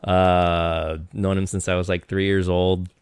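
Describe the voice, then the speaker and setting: A young man from Eastern Washington chats loosely as a podcast guest, piling up fillers and restarts. His voice sits low and sounds smooth and resonant. The handheld mic gives a dry, close sound. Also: flat delivery, a little slow, no echo. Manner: rambling, many restarts and fillers. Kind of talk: casual chat.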